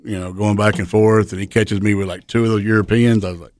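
A professional wrestler from the Chattanooga area of Tennessee guests on a podcast, telling profane road stories and laughing as he goes. He talks fast in a fairly low, darkish voice with fairly even intonation, and there's slight background noise.

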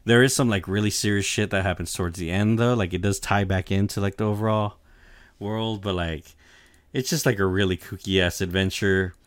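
A man's voice: on the low side, steady tone, fairly quick, no echo. A young man chatting casually on a podcast, laid-back and full of "like" fillers, swearing and laughing as he recaps an anime. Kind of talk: casual chat.

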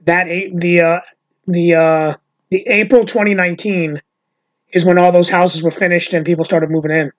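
A man's voice: high-pitched, steady tone, normal speed, muffled recording. A man in his fifties from New York hosting a casual podcast chat, rambling and swearing freely. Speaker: podcast host. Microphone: video call.

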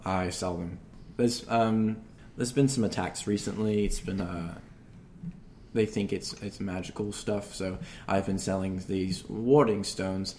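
A man's voice: sits low, steady tone, unhurried, darkish tone, slight background noise. A man voicing a fawning, shifty male shopkeeper who sells fake charms, evasive and oily in a tabletop game.

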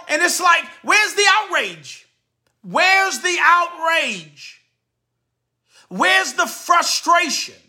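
A man, a radio host delivering an indignant, repetitive commentary rant and often shouting. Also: very high voice.

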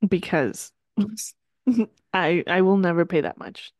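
A woman's voice: on the low side, slow pace, darkish tone, no echo. Woman, podcast co-host, chatty, laughs a lot, dry close sound. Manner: chatty, laughs often, lots of "like". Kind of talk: casual chat.

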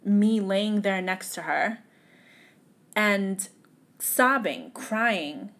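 A woman's voice: mid-range voice, fairly bright tone. Tearful young woman telling a painful story. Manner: tearful, halting, drops to a whisper at times. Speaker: podcast guest. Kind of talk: emotional personal storytelling.

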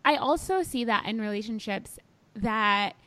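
A woman's voice: a little high, expressive, unhurried, fairly bright tone, dry recording. A woman podcast host asking questions in a conversational way, thinking aloud. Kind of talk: casual chat.

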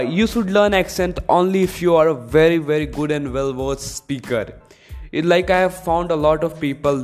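A man's voice: a little high, darkish tone. Earnest man hosting a solo podcast. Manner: earnest, repetitive explaining. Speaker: podcast host.

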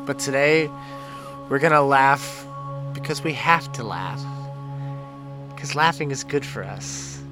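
A man of middling pitch leads a guided breathing and laughter session in an exaggerated coaching manner. He talks slowly and deliberately, and clear music plays behind him throughout. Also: expressive. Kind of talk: guided exercise instructions.

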